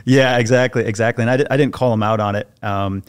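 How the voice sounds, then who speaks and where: A man, a former soldier, telling stories as a podcast guest in a casual, animated way with many restarts. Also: medium pitch, fast talker, clear, resonant tone. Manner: animated storyteller, acts out quoted voices, many restarts. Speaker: podcast guest, former Navy SEAL sniper. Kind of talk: casual storytelling interview.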